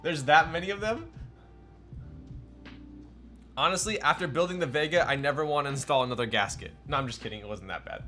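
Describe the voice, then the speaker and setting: Young male streamer, self-mocking chatter, fairly high voice, faint music. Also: brisk, pauses often, sharp tone. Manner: joking, self-mocking, answers chat. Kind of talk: casual live-stream chat while building a keyboard.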